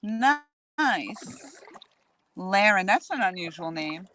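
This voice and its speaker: A woman's voice: medium pitch, very animated, extremely slow, pushed and bright, slight background noise. Chatty woman live streaming from a kayak. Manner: chatty, talks straight to viewers. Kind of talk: casual live-stream chat. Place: outdoors on a lake, in a kayak. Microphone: handheld phone camera.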